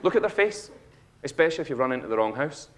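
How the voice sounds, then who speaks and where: A man in his thirties with a Scottish accent, giving a humorous motivational talk on stage and acting out a child's lines with animated storytelling. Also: on the high side, fast, background noise. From Scotland. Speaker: speaker. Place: auditorium stage.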